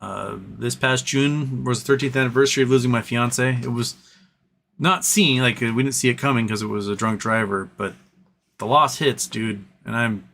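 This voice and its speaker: A man's voice: medium pitch, moderate pace, vocal fry, a bit bright, slight background noise. A man hosting a casual livestream, reading chat messages aloud and answering them in an earnest, rambling way with frequent restarts.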